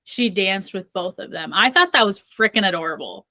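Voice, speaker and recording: A woman's voice: mid-range voice, animated, normal speed, pushed and bright, dry recording. A young woman co-hosting a book podcast, retelling her reactions emphatically in casual chat. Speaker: podcast co-host.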